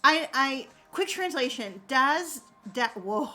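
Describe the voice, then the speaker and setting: A woman chats with her viewers in a bright, slightly high voice, unhurried and drawn out. She laughs often and tells her stories with animation over faint music in the background. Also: expressive. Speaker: streamer chatting with viewers. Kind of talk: casual chat.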